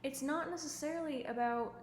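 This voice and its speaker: A woman talks straight to camera from home, giving earnest self-improvement advice in a loose, chatty way, with plenty of "like" and "um" between thoughts. Her voice sits a little high. The room gives her an echo, and a faint hum of noise lies underneath. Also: fairly quick. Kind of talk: casual advice monologue to camera. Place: at home indoors.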